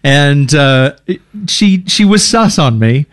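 A man's voice: takes it slowly, no room sound, studio quality. Jokey middle-aged male storyteller. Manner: lively, jokey, drops low for quoted voices. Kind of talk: casual chat.

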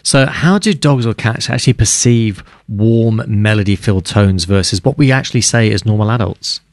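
Male co-host, low voice, easygoing, dry studio. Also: normal speed, no room sound. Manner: relaxed, with fillers. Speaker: radio co-host. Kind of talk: radio chat and interviewing.

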